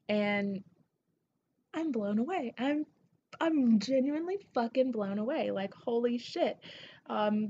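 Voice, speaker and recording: A woman from Tennessee with a Southern accent, hosting her podcast in an excitable, gushing, casual way that swears freely. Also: medium pitch, dull audio, a little hiss or hum. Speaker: podcast host. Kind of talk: casual solo podcast shout-outs.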